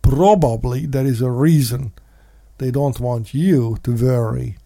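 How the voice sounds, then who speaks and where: A man hosting a casual commentary monologue, sarcastic, mocking in put-on voices and breaking into sudden shouts. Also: mid-range voice, measured pace, creaky. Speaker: podcast host.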